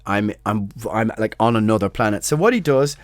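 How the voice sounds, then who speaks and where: A man hosting a podcast, telling a drunken tour anecdote in a casual, animated, profane and self-mocking way. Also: on the low side, brisk, dry recording. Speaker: podcast host.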